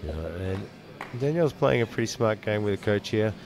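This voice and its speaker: A low-voiced man calls a live powerlifting event from the commentary box, reading out each lifter and her weight before he breaks down the lift. A loud crowd fills the venue behind him. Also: animated, moderate pace. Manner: calls each lifter's name, country and weight, then adds analysis.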